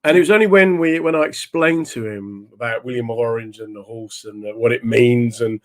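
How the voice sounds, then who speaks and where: Man telling comic stories, lively. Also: medium pitch, brisk. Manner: animated, slips into voices of the people in his stories. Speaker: stand-up comedian guest.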